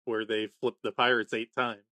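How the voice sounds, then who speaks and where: A man chatting as a podcast panelist, lively and quick to laugh. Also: lowish voice, dry recording. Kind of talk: casual chat.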